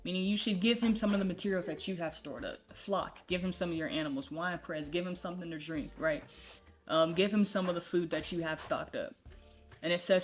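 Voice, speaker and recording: A woman's voice: on the low side, a little fast, faint music behind. A woman giving a casual Bible teaching from home, talking conversationally and checking in with "right?". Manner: conversational, frequent "um" and "right?" tags. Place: home with a puppy nearby.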